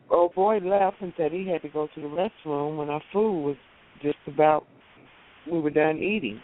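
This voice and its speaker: A woman calling in to a radio show, telling her date story in a halting, indignant way. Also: low-pitched. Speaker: caller. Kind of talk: casual storytelling on call-in radio. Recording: tinny phone line.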